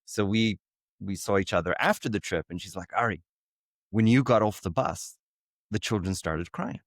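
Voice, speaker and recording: A man's voice: on the low side, moderate pace, no echo, studio quality. A man hosting a podcast interview, asking open questions and reflecting earnestly on what he hears. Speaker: podcast host. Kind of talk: interview conversation.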